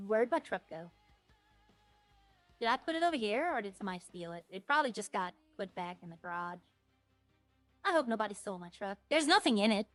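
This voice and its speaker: A woman's voice: fairly high pitch, a bit bright, no room sound. A woman streaming a roleplay game, rambling to herself as she plays and chatting in character. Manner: rambling, talks to herself while playing.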